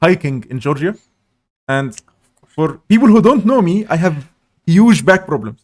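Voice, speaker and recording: A man co-hosting a casual podcast, talking in loose, rambling stretches full of "like" fillers. He pokes fun at himself and has a loud voice. His pitch sits a little high. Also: sing-song, moderate pace. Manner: rambling, self-deprecating, many "like" fillers. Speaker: podcast co-host. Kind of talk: casual chat.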